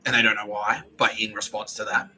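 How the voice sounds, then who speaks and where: A man's voice: lowish voice, little pitch movement, fairly quick, pushed and bright, a little hiss or hum, rough recording. A man podcasting alone in a rambling, profane monologue that often restarts its sentences.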